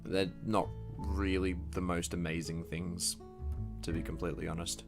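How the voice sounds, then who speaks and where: A man's voice: low-pitched, level tone, moderate pace, vocal fry, music in the background. Rambling, swearing young man. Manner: rambling, profane, full of restarts. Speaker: movie reviewer. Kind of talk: casual movie review vlog. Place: at home computer.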